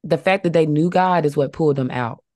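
Low-voiced earnest woman, dry sound. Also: fairly quick, darkish tone, dry recording. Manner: earnest, reflective, many fillers. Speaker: podcast co-host. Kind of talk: casual faith podcast chat.

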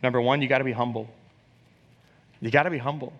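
A man's voice: mid-range voice, steady tone, fast talker, fairly bright tone, dull audio. Man preaching in a reverberant hall. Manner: emphatic, repeats phrases for effect; conversational, asks the audience questions. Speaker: preacher sharing a testimony. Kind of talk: sermon with personal storytelling.

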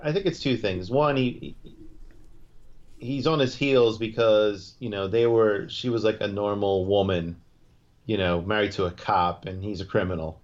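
A man with a fairly low voice talks through a TV episode in a loose, rambling way. He stops and restarts often and leans on filler words. The recording sounds dull and lo-fi. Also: steady tone, moderate pace. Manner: rambling, loose retelling full of "you know" and restarts. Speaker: podcast co-host recapping a TV episode. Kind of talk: casual chat.

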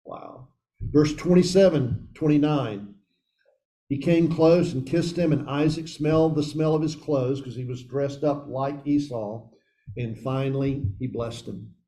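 A man's voice: medium pitch, unhurried, warm tone, poor audio. A man leading a men's Bible study, reading scripture aloud and commenting earnestly, calling his listeners guys.

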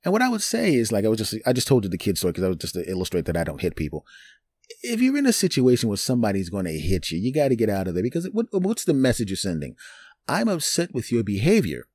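A man hosting a podcast, telling personal stories in an animated, digressive, joking way. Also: fairly low pitch, very fast, slightly rough, no room sound. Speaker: podcast host. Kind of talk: storytelling monologue.

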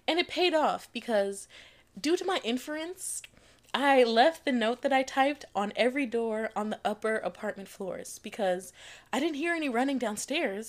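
Young woman host, casual storytelling, salty and lively, laughs through lines, slightly high voice. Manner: animated, profane, laughs often mid-sentence. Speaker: podcast host.

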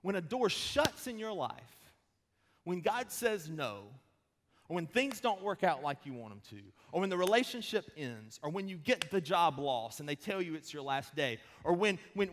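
Pastor in his thirties, conversational preacher, funny then slow and emphatic, fairly high-pitched man. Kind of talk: sermon. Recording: long hall reverb.

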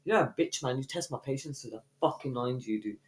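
A woman's voice: very deep voice, a little fast. A young woman, co-hosting a podcast in casual banter, brash and playful, swearing constantly and trading insults in slangy street talk. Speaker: podcast co-host.

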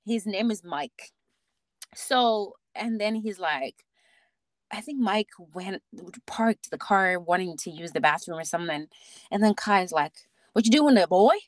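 A woman speaking as a podcast guest, telling stories about her child in an animated way, often restarting her sentences. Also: lowish voice, unhurried, no echo. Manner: animated storytelling with many restarts and laughs. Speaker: podcast guest, mother and theatre actor. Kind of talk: casual interview chat.

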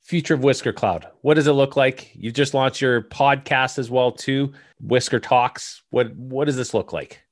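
A man's voice: medium pitch, moderate pace, few pauses. A man hosting a casual interview, asking short, upbeat questions. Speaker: interview host.

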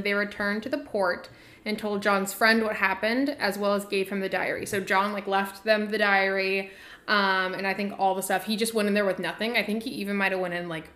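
A woman's voice: medium pitch, fairly bright tone. A woman podcast host from the United States, telling a story in a casual, irreverent way with offhand swearing.

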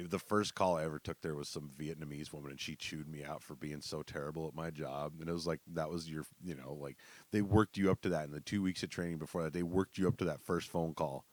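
A man's voice: extremely low pitch, darkish tone, no room sound. A young man telling casual, profane stories and laughing as he goes. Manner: loose, profane, laughs through his stories. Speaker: storyteller. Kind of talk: casual storytelling.

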